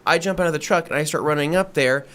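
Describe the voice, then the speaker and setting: A man co-hosting a podcast, telling a story in a casual, animated way and acting out the quoted dialogue. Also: a little high, quick pace, clear, resonant tone. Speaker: podcast co-host.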